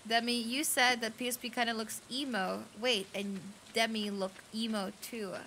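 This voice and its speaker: A young woman streamer with a light Filipino accent and a fairly high voice, chatting loosely and reading chat aloud. She swears freely, and steady rain noise runs behind her. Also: moderate pace. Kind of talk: casual game stream chat.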